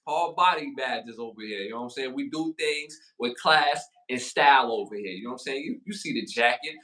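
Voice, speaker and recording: A man with a Brooklyn accent co-hosting a hip-hop podcast, hyping up the chat with slangy shout-outs in casual talk. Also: mid-range voice. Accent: Brooklyn, New York. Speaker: podcast co-host.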